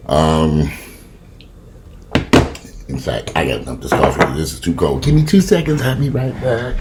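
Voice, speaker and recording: A man's voice: very deep voice, expressive, moderate pace, long pauses. A man in his fifties ranting profanely and animatedly in a casual home vlog, filming himself on a camera in his kitchen. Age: 50s. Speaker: vlogger.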